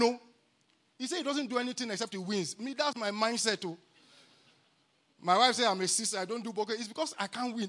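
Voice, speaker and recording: Exuberant high-voiced Nigerian preacher. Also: male voice, fairly quick. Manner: exuberant, call-and-response, rising to shouts. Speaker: guest preacher. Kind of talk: sermon. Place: church camp meeting.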